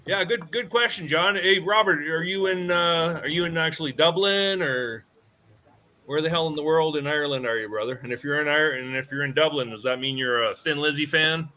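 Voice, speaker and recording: A man hosts a live sports betting stream, chatting energetically and casually, reading viewer comments aloud and using fillers like "right?". His fairly high voice moves a little fast over slight background noise.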